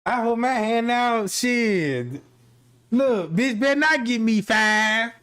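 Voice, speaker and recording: A man's voice: very high voice, animated, slow, a bit bright, smooth. A man telling a rambling, profane comic story in slangy street talk, full of fillers like "you know what I'm saying".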